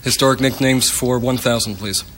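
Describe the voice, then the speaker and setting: A man competing on a quiz show, giving quick, clipped answers. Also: mid-range voice, steady tone, a bit bright.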